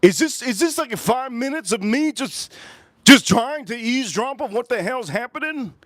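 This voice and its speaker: A man hosting a casual livestream whiskey review, talking excitably and rambling straight to his viewers. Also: very high voice, moderate pace, dry recording.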